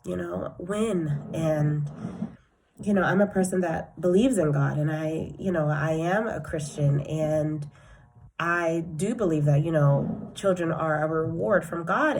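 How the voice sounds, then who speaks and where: Young woman, low voice, soft and rambling; diary-style vlog, thinking aloud to herself. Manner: rambling, reflective, talks to herself; soft and earnest, often trails off. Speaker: vlogger.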